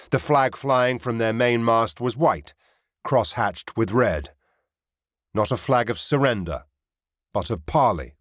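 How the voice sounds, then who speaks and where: A man reading a fantasy audiobook in a measured, descriptive narration. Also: on the low side, no room sound, clean studio sound.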